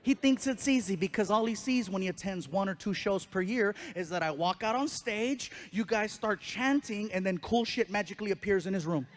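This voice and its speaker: A man's voice: sits high, normal speed, hardly any pauses, a little hiss or hum. A man doing stand-up comedy on a live stage, telling a story and acting out his son in voices. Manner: animated, acts out his teenage son in voices. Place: live stage before an audience.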